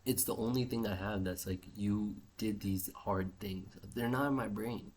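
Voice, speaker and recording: A young male vlogger muses through a rambling video journal, swearing casually, trailing off mid-thought and restlessly restarting. His voice sits on the low side, a little mellow, at a moderate pace.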